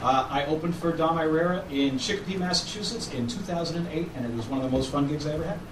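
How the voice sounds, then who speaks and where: A man's voice: on the high side, fast. A man from Boston doing a punchy stand-up set as a guest comedian, then chatting on stage. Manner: punchy joke delivery. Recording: echoey room, mic far off, noisy.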